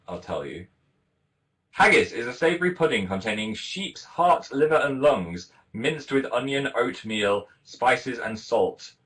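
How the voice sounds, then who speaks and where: A young man hosts a casual live stream and reads out viewer comments in a playful, chatty way. His voice sits fairly low, and his pitch jumps up and down all the time. It sounds as if he is speaking into a webcam mic at home. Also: poor audio. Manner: chatty and playful, animated ups and downs in pitch. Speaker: livestream host reading fan comments.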